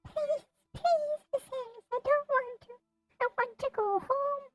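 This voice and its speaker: A man voicing a timid, frightened young princess in a squeaky falsetto, tearful and pleading. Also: steady tone, a little slow, faint music behind.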